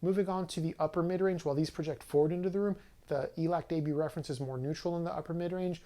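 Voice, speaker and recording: A man's voice: a little high, fairly even intonation, fast talker, dark tone. A man giving a casual, conversational product review to camera, speaking loosely with frequent fillers and restarts. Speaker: audio equipment reviewer.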